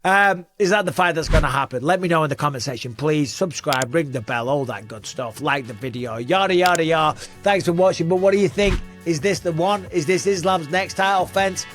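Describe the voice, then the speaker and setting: A man's voice: on the high side, a little fast, few pauses, a bit bright, faint music behind. Chatty, emphatic male fight pundit. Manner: chatty, emphatic, asks the audience questions. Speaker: podcast host and MMA analyst. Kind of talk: casual commentary to camera.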